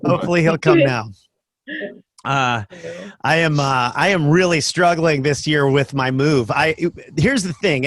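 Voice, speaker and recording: A man's voice: a little high, fairly bright tone, dry recording. A man in his fifties doing a stand-up comedy set over a video call, telling jokey stories with lots of fillers. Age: 50s.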